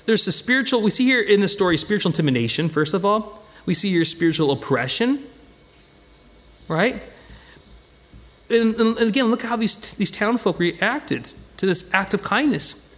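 A man leading an informal Bible study, talking conversationally with lively acted-out asides and frequent restarts. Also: high-pitched, moderate pace. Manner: conversational, animated, acts out quoted voices, many restarts.

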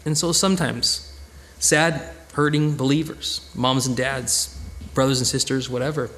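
A man leading a Bible study, explaining scripture in an earnest, conversational way with lively emphasis and frequent restarts. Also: medium pitch, unhurried.

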